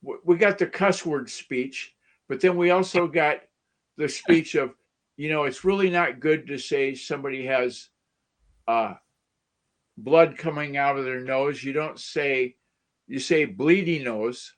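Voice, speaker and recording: An American man joins a live chat and tells stories in a loose, talkative way. His voice sits a little high. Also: a little slow. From United States. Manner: storytelling, chatty. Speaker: guest on a livestream.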